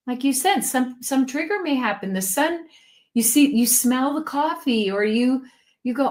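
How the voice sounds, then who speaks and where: Brief: middle-aged woman co-host, slightly high voice, effusive and emotional. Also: expressive, moderate pace. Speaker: podcast co-host. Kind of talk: casual interview chat.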